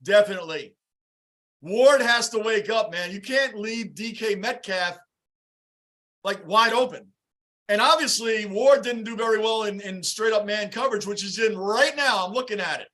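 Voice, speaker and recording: Excitable high-voiced man hosting a game stream. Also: normal speed. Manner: excitable, shouts at big plays, greets chatters by name. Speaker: livestream host reacting to a game. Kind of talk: live game reaction and fan chat.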